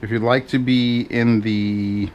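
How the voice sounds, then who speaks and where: A man's voice: mid-range voice, flat delivery, takes it slowly, a little mellow, lo-fi sound, slight background noise. A man chatting casually and rambling with profane, self-mocking asides while he cooks in his home kitchen. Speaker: cooking vlogger. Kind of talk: casual cooking vlog chat.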